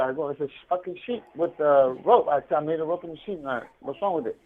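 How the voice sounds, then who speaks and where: A man's voice: fairly high pitch, expressive, fast talker. A man telling profane, laughing stories over a prison phone call. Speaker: incarcerated caller. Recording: tinny prison phone line.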